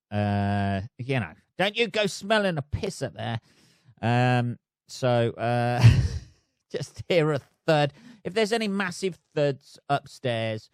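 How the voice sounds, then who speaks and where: A UK man with a mid-range voice hosts a podcast alone from a flat, the recording dry with clean studio sound. It's a casual solo rant in which he rambles in a sweary, self-mocking way.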